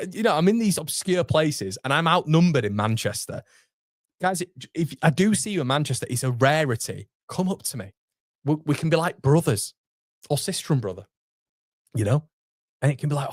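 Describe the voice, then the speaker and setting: A man's voice: fairly high pitch, no room sound, clean studio sound. A young man, hosting a casual livestream and chatting through viewer comments with self-deprecating asides. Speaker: host. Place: home streaming studio.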